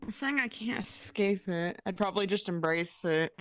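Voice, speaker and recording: A woman's voice: medium pitch, normal speed, a bit bright. A woman answering interview questions in short, hesitant replies. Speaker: interview guest. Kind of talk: casual interview.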